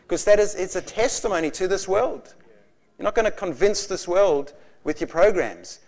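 A man in his forties preaching a sermon, passionate and animated, telling stories with bursts of laughter. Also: high voice, normal speed. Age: 40s. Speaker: pastor.

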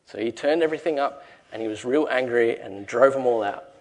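A man preaches in a casual, storytelling way, now and then lifting his voice to act out the lines of the people in his story. His voice sits at an ordinary middle pitch, and he speaks plainly to the congregation. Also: fairly quick. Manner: conversational storytelling, acts out quoted lines. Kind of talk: sermon.

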